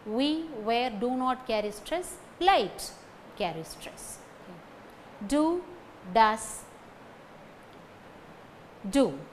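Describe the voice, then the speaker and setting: A woman's voice: on the high side, sing-song, very slow, long pauses, a little hiss or hum. A woman with an Indian English accent teaching phonetics, repeating each example sentence and then calling out the stressed words. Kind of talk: slow recorded lecture with drilled example sentences.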